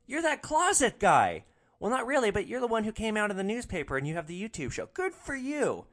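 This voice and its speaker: A man voicing an eager, pushy woman of about sixty who talks in a coaxing, high-pitched way. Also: wildly swooping pitch, brisk, a bit bright, exaggerated voice. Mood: friendly.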